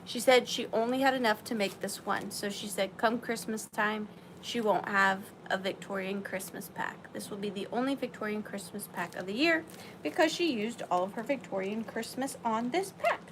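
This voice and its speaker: Speaking at a normal speed in a medium pitch, a woman with a Southern US accent sells vintage items on a live stream. She's chatty and bubbly, calling out viewers by name to thank them. The recording carries faint room noise.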